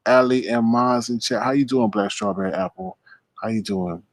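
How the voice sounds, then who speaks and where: A man hosts a relaxed livestream in a middle-pitched voice, chatting straight to his viewers. He talks loosely and repeats phrases. The sound is dry and close. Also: normal speed, creaky, no echo. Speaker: livestream host. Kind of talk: casual livestream chat.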